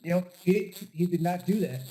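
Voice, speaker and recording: A man's voice: sits high, expressive, normal speed, mellow, slight background noise, low-quality recording. A man co-hosting a podcast in casual chat, hesitant and often restarting his sentences. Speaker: podcast co-host. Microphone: home podcast mic.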